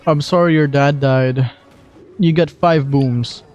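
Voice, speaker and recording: A man's voice: fairly high pitch, steady tone, takes it slowly, darkish tone, lo-fi sound, soft background music. A young man streaming a game, chatting casually and joking at himself while playing. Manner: joking, swears, laughs at himself.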